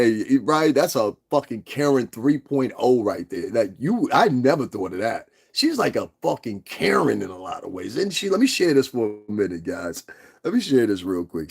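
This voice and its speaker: A man's voice: medium pitch, creaky, husky. A man hosting a livestream, ranting in a profane, confrontational way and laughing often. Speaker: livestream host. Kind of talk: casual livestream rant.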